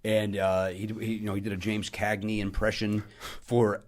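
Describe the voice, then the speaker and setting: A man, a comedian guest on a podcast, telling a story in casual chat with frequent restarts and loud bursts when he quotes people. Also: lowish voice, normal speed. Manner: animated, bursts loud when quoting others; restarts and trails off often.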